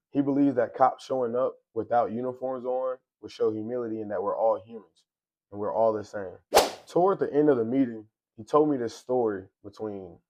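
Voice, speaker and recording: A young man hosting his own vlog, telling a story in a casual, earnest and upbeat way. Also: on the low side. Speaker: vlog host and event organizer. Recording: slightly dull lo-fi audio.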